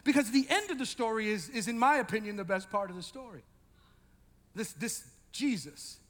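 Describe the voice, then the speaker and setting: A male pastor preaching an animated sermon, swinging from loud shouting to quiet intensity, with joking asides to the congregation. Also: sits high, in a large hall.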